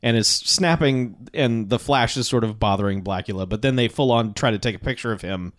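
A man's voice: mid-range voice, brisk, no room sound, studio quality. A man chatting casually about a movie, laughing often and acting out lines from the characters. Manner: lively, laughing, acts out quoted characters. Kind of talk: casual movie recap chat.

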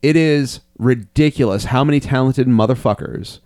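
A man's voice: mid-range voice, moderate pace, a little mellow, no echo, clean studio sound. A young man hosting a casual podcast, rambling loosely, swearing a lot and laughing often. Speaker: podcast host, comedian. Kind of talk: casual profane podcast chat.

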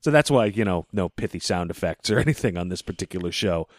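A deep-voiced man talks quickly with lively intonation while co-hosting a podcast from a living room on a mobile rig. The chat is casual, wry, and rambling, with the odd swear word, and the audio is clean, studio-like, and echo-free.

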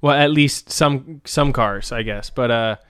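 A man's voice: mid-range voice, a little slow, a bit bright, clean tone, dry recording, clean studio sound. A man chatting casually, laid back, chiming in with jokes and reactions. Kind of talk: casual chat.

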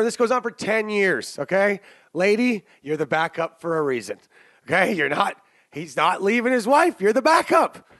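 High-voiced brash sports podcast guy. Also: very animated, moderate pace, a bit bright, no room sound, studio quality. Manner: brash, jokey, rambling with asides. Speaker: sports betting podcast co-host. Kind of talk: casual sports betting chat.

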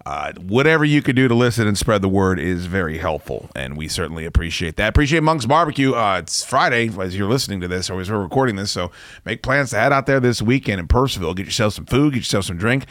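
A man's voice: on the low side, expressive, fast, a bit bright, dry recording, clean studio sound. A man hosting a sports talk podcast, casually rambling and joking, with lots of fillers and restarts. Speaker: podcast host.

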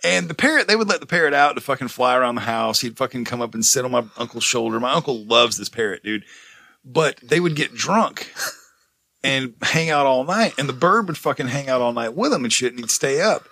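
A man's voice: mid-range voice, lively intonation, fairly quick, creaky, bright, forceful tone, dry recording. A man co-hosting a casual chat, telling rambling stories full of swearing and laughter. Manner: rambling anecdotes, heavy swearing, frequent laughter.

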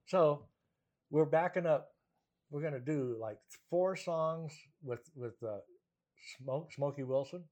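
A man, a guest musician, telling anecdotes in conversation, animated and often laughing as he talks. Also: on the high side, slow pace. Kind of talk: conversational storytelling.

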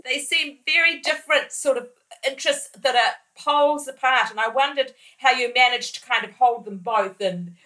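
A woman conducting an interview, posing her questions at an even, measured pace. She laughs easily along with her guest's stories. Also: high voice, low-quality recording.

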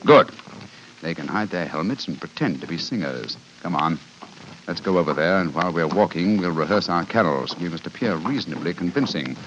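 An actor playing a brisk, commanding detective in a 1940s radio drama. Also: male voice, sits low, animated, fairly bright tone, a little hiss or hum. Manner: crisp, brisk and authoritative. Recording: dull old radio broadcast.

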